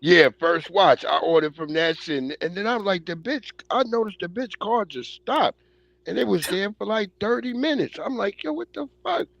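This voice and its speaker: High gravelly man, dull dry sound. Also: animated, normal speed, fairly bright tone, no room sound. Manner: gravelly, profane, laid-back. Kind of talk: casual chat, storytelling.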